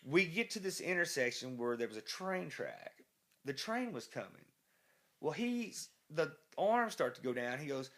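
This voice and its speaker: A man's voice: fairly high pitch, big pitch swings, unhurried, fairly bright tone. A man, a rock musician being interviewed, telling a rambling, profane anecdote full of restarts. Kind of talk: casual storytelling interview.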